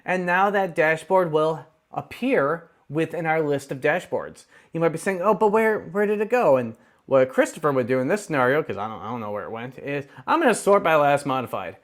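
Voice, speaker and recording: A man hosting a screen-share software tutorial, his voice sitting a little high for a man. He talks in a chatty, upbeat way, tossing in playful asides as he clicks through. He is close on a desk microphone. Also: lively intonation, a little fast, few pauses. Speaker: tech tutorial host.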